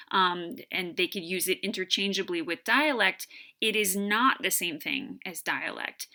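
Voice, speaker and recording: A woman giving a recorded college lecture, explaining terms in an unhurried way with frequent ums. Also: lowish voice, pushed and bright.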